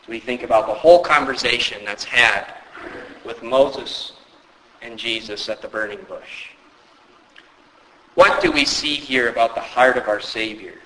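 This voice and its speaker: A man preaching a sermon, often asking rhetorical questions and rising sharply in pitch for emphasis. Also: unhurried, pauses often, bright, forceful tone, in a large hall, rough recording. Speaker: pastor.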